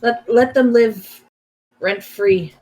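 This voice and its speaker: A woman's voice: on the high side, slow, a little mellow, low-quality recording. A woman co-hosting a casual livestream chat, laid-back and dry, offering easygoing reassurance.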